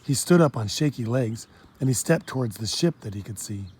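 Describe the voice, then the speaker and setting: A man reading a children's storybook aloud in a steady, plain storytelling manner. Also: medium pitch, brisk, husky. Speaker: audiobook narrator. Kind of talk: storybook narration.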